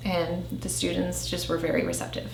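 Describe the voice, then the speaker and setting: A woman's voice: on the low side, big pitch swings, normal speed, gravelly, slight background noise. A woman in her forties, an orchestra teacher, talking earnestly and chattily about a workshop. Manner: earnest, chatty, with many um fillers. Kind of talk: interview reflection. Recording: roomy echo with faint music behind.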